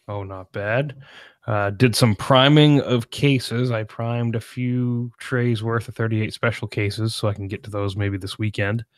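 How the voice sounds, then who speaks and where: Relaxed, easygoing podcast host man. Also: lowish voice, unhurried, no room sound. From central Maine. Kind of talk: casual podcast chat.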